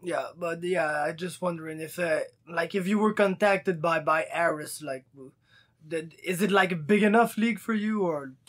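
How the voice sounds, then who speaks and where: A man's voice: a little high, normal speed. A man hosting a podcast, chatting in a laid-back, chummy way with plenty of swearing. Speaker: podcast host. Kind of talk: casual interview chat.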